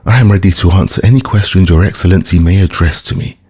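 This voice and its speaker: A man's voice: deep voice, fast, a little mellow, husky, pitched above the performer's own voice. A man voicing a humble, eager young bandit. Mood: earnest. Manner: earnest, deferential.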